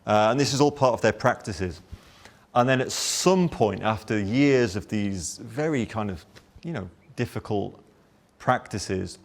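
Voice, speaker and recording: A man with a fairly low voice tells an anecdote in a conversational way. He speaks at an unhurried pace. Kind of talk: conversational storytelling.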